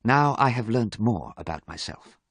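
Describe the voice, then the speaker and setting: A troubled, emotional young man who speaks earnestly, as a man reading a story voices him. His lines stay near the reader's own low, lively voice. The recording is close and dry. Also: normal speed, no room sound.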